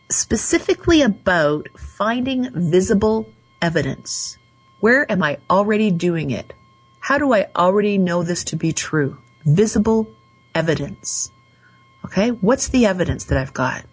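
A woman hosting a call-in radio show, slowly and soothingly guiding listeners through affirmations. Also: mid-range voice, expressive, slightly rough, poor audio. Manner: slow, soothing, guides affirmations. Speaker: radio show host and coach.

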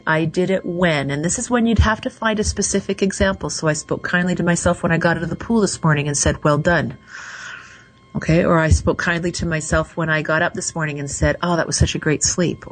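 A woman hosting a call-in radio show, slowly and soothingly guiding listeners through affirmations. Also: lowish voice, slightly rough, poor audio. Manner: slow, soothing, guides affirmations. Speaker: radio show host and coach.

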